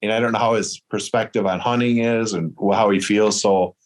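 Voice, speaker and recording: A man from Michigan, telling a hunting story in casual chat, acting out the dialogue with lively quotes. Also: lowish voice, brisk. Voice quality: hard of hearing in one ear. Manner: animated, quotes dialogue in raised voice. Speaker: guest storyteller.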